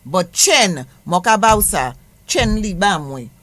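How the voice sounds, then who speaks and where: A woman patiently explaining letter sounds on a radio show, repeating each example word slowly. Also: mid-range voice, very animated, fairly bright tone, no echo. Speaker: guest language teacher. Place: radio studio.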